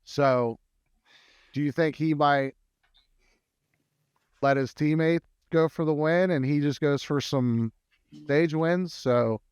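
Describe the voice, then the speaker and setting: Smooth-voiced analytical man on a podcast. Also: a little high, slow, pauses often, a little mellow, no echo, dull audio. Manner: analytical, many fillers and restarts. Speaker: podcast co-host, betting analyst. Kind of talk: casual sports betting chat.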